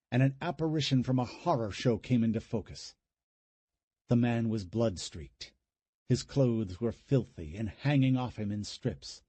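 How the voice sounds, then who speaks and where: A man narrating a horror audiobook in a dramatic, expressive reading style, recorded close to the mic. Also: medium pitch, breathy edge, no room sound.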